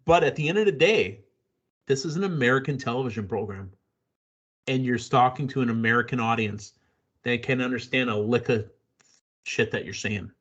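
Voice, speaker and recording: A man's voice: medium pitch, moderate pace, pauses often, fairly bright tone, slightly rough, lo-fi sound. A man hosting a casual wrestling podcast, blunt and opinionated, rambling through his takes. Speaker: podcast host.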